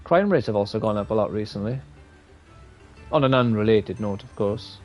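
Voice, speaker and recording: A man's voice: fairly low pitch, moderate pace, highs cut off, faint music behind. A man from Wales, rambling and swearing as he gives live gameplay commentary. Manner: rambling, profane, opinionated. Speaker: streamer.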